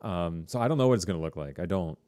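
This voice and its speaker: A man teaching a high school TV production class, chatting casually to students on a live stream with lots of fillers and rambling asides. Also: animated, fast, dark tone, clear, resonant tone, dry recording.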